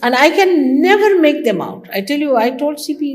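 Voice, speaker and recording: A woman's voice: high-pitched, expressive, normal speed, hardly any pauses. An older woman from India, a spiritual teacher giving a conversational devotional talk to her followers, teasing and mimicking others. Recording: archival talk recording.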